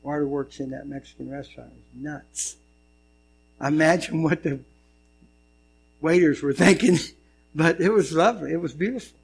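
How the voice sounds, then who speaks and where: A man preaching a sermon, telling a story and swinging between loud and hushed delivery. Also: on the high side, moderate pace, gravelly, pauses often, breathy edge, low-quality recording. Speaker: pastor.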